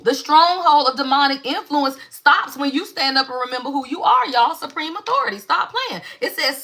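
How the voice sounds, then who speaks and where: A woman's voice: sits high, pushed and bright. A woman giving a live tarot reading in an emphatic, preachy call-and-response manner, swearing freely. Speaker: tarot reader.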